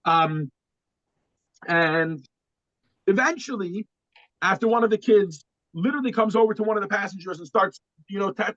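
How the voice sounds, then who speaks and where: Man, high voice, class lecture, stumbling restarts, dry dull recording. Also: no echo. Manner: repeats words and restarts often, animated when quoting. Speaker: class teacher.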